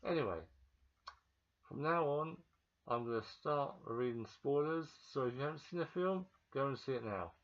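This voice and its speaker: Excitable chatty man, dull lo-fi recording. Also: mid-range voice, normal speed. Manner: chatty and excitable, repeats himself, talks straight to the viewer. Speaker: vlogger. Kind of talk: casual movie review vlog.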